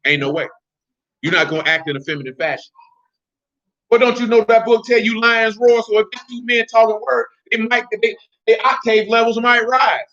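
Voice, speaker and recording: Blunt male Bible teacher, high and bright, slangy and emphatic, on a dull lo-fi recording. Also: normal speed.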